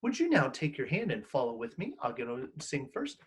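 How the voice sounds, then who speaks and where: A man's voice: mid-range voice, fairly quick, hardly any pauses, breathy edge. A man teaching an online music class for children, talking encouragingly and singing songs for them to echo. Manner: animated, encouraging, sings call-and-response songs.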